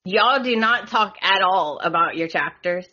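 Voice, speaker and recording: Bright Southern American woman, giggly guest. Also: on the low side, lively intonation, unhurried. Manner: giggly, chatty, lots of "like" and "y'all". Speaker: podcast guest. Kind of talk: casual podcast chat. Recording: dull lo-fi podcast audio.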